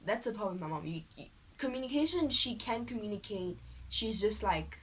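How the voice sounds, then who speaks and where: A young South African woman vlogging, telling a personal story in a lively, animated way and acting out the people she quotes. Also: medium pitch, brisk, slightly rough, rough recording. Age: teens. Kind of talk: casual storytelling vlog. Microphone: phone camera.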